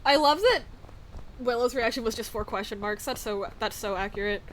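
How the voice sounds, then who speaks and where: A woman's voice: a little high, moderate pace, a little hiss or hum. A young woman from the American South, chatting casually on a live stream, rambling with lots of fillers and frequent laughs. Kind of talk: casual chat.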